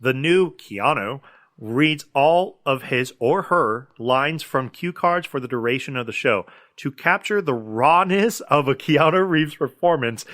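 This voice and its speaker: Upbeat bright-voiced male podcast host. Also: a little high. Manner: enthusiastic, filler-heavy, reads trivia aloud. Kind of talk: casual movie podcast chat.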